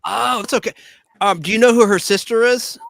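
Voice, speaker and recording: A man with a high, bright voice rambles enthusiastically in a casual chat. His sound is dry and close, as on a video call. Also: brisk, gravelly, dry recording. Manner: rambling, film-buff enthusiasm.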